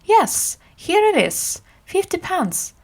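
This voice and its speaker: A woman's voice: a little high, very animated, a little slow, a little mellow. A woman reading aloud and voicing a jolly, bold knight in a storybook. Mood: hearty.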